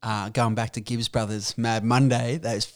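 A man's voice: medium pitch, level tone, moderate pace. A young man with an Australian accent chips in casually. His remarks are offhand and full of swearing. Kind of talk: casual chat.

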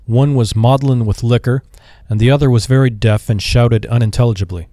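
A man's voice: mid-range voice, fairly even intonation, moderate pace, hardly any pauses, dark tone, dry recording. Man narrating a classic story, dry close sound. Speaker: audiobook narrator. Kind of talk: scripted narration.

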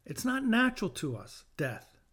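A man's voice: sits high, wildly swooping pitch, normal speed, a bit bright. A middle-aged man hosting a podcast, giving a heartfelt scripture teaching in an earnest way and repeating phrases for emphasis. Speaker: podcast host and bereaved father.

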